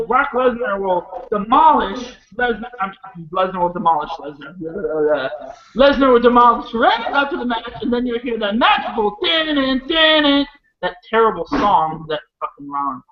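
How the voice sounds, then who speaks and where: A man's voice: very high-pitched, normal speed, dull audio. Rambling, swearing man from Iowa. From Iowa, USA. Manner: rambling, profane, excitable. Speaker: wrestling show co-host. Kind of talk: casual podcast chat.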